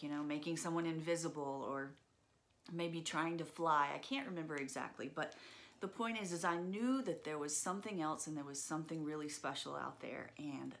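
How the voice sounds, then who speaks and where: A woman with a notably low voice recounts a personal story. She talks in an earnest, reflective way, pausing often with fillers. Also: fairly bright tone.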